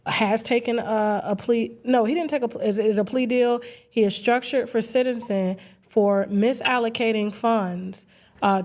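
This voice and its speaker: A woman's voice: mid-range voice, darkish tone. A woman in talk-show commentary, asking questions to confirm the facts she lays out.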